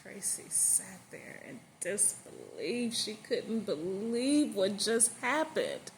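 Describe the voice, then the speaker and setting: A woman's voice: mid-range voice, very animated, slow, slight background noise. Woman casually telling a story. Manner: unscripted, with fillers and emphatic stress.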